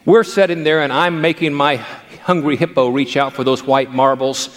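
A man's voice: a little high, steady tone, moderate pace, long reverb tail. An older male pastor who gives a sermon through playful anecdotes about family life.

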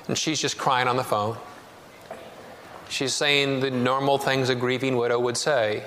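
A man's voice: mid-range voice, flat delivery, unhurried, fairly bright tone. A male pastor preaching a sermon, telling a story and building to emphatic passages. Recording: long reverb in a large hall, faint noise.

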